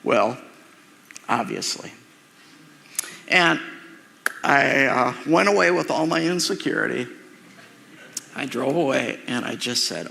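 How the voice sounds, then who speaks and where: A man preaching a sermon, telling a personal story in an animated way and acting out its sounds and voices. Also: medium pitch, slow pace, creaky, pauses often. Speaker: pastor. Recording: reverberant hall recording.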